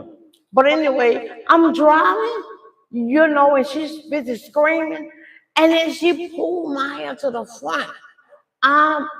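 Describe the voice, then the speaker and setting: A middle-aged woman telling a story live in a casual way, animated and talking straight to her audience. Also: sits high, reverberant, poor audio.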